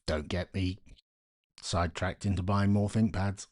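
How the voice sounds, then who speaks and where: A man's voice: sits low, level tone, a little slow, dry recording, studio quality. A man hosting a casual live stream from home at night, keeping his voice down and talking to himself as he works. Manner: talks to himself while working, quiet and muttering.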